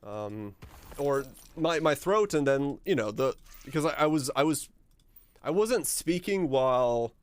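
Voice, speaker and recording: A male streamer chatting casually with his viewers in a relaxed, rambling way, his deep voice supported from the diaphragm. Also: measured pace, smooth. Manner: rambling and relaxed, with frequent restarts.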